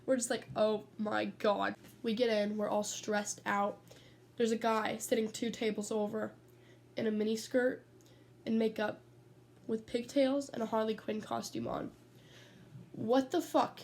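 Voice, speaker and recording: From her bedroom at home, a teen girl vlogs with an animated, high-leaning voice that has a darkish tone. She keeps a moderate pace while rambling through stories, getting sidetracked and swearing freely. There's slight background noise.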